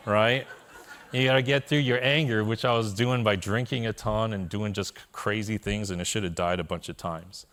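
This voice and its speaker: A man's voice: on the low side, steady tone, moderate pace, fairly bright tone. A man telling his personal story to a live audience in a keynote talk, with candid, self-deprecating humor, often checking in with the listeners. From Korea. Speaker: conference speaker.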